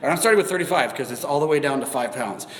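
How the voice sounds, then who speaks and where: Man, forties, live workout chat, breathy, swears, mid pitch, echoey reverberant room. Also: animated, very fast. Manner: chatty, swears, breathing heavy between sets. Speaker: fitness vlogger. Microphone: phone camera.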